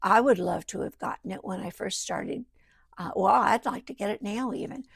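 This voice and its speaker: A woman talks through her craft project at home, wandering from thought to thought and sometimes dropping to a near-whisper. Her voice has a gravelly, creaky edge, and the sound is close and dry with no room echo. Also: medium pitch, normal speed. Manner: rambling, thinks aloud, drifts into soft murmurs. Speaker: journal maker. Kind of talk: casual craft walkthrough. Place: home craft table beside a sewing machine.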